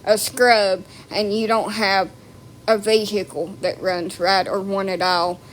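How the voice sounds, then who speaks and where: A woman's voice: medium pitch, little pitch movement, slow, slight background noise. A woman delivering a blunt, profane, mocking rant to camera. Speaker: vlogger. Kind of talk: ranting monologue.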